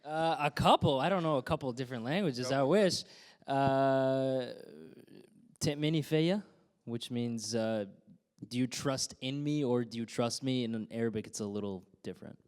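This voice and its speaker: Smooth-voiced man, echoey hall. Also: mid-range voice, normal speed. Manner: friendly, laughing easily. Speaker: film actor on a press panel. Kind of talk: press-conference chat.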